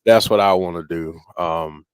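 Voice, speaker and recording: A laid-back American man co-hosting a wrestling watch-along with a lowish, smooth voice. He tosses in short replies and dry jokes, recorded close and dry. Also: normal speed, no echo. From United States. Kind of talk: casual live commentary chat.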